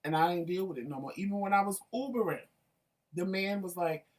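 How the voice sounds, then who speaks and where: A man co-hosting a talk show, telling work stories in an animated, emphatic way. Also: high-pitched, a little fast, far from the mic. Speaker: co-host. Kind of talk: casual chat.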